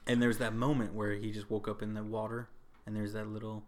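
A man's voice: on the low side, little pitch movement, brisk. A young man co-hosting a podcast, rambling in casual chat and laughing often. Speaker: podcast co-host. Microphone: podcast mic.

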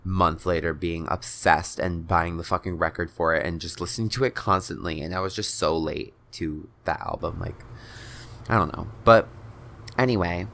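A man's voice: low voice, fairly even intonation, normal speed, creaky, fairly bright tone. A young man hosting his own podcast, telling a story in a casual chat, talking close to the mic, swearing often and filling his talk with "like". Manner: chatty, swears often, says "like" a lot, laughs between phrases. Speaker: podcast host.

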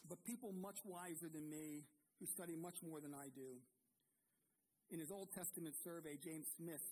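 A man, a pastor, preaching an earnest sermon with emphatic pauses and repeated words. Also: on the high side, a little mellow, slight background noise, low-quality recording.

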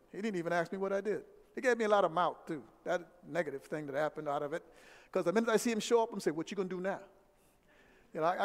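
Middle-aged man, high and gravelly, emphatic storyteller recorded in a reverberant hall. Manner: animated, emphatic, repeats key phrases. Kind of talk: personal storytelling. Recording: echoey hall with long reverb.

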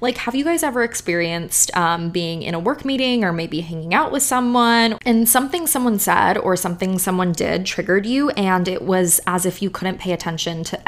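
A young woman talking straight to her listeners in a casual self-help podcast monologue. She speaks at a mid-range pitch, chatty and loose, with plenty of "like" and "you guys". Her delivery feels personal and conversational. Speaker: podcast host and manifestation coach.

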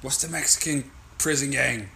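Podcast dude rambling and swearing, bright voice, bit of background noise. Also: male voice, medium pitch, moderate pace, gravelly. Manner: profane, rambling, laughing banter. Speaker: podcast co-host. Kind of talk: casual chat.

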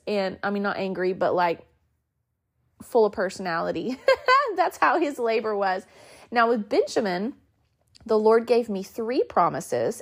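A woman in her thirties hosting a podcast, telling stories in a casual way and acting out the quoted lines. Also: medium pitch. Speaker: podcast host. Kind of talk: casual storytelling.

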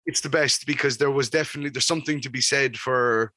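An Irish man co-hosting a podcast, telling sweary stories in an animated, casual way. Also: medium pitch, fast, dry recording. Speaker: podcast co-host. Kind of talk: casual chat.

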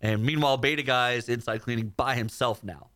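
Man co-host, rapid chatty storyteller, dry studio sound. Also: medium pitch, fairly bright tone, no echo. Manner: rambling storyteller, lots of "like". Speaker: radio show co-host. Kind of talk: casual banter on a radio show. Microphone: studio mic.

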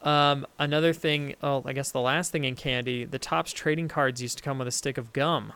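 A man's voice: medium pitch, steady tone, normal speed, a bit bright, clear, resonant tone. A young man co-hosting a casual podcast chat, rambling and self-interrupting, laughing easily. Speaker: podcast co-host.

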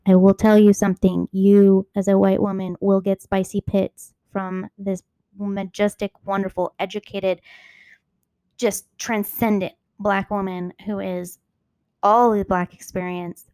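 A woman's voice: mid-range voice, flat delivery, unhurried, dark tone, no room sound. A young adult woman hosting her own podcast, talking into her phone in a candid, rambling way, full of asides and self-corrections. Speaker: podcast host. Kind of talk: casual solo podcast monologue. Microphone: recording into her phone.

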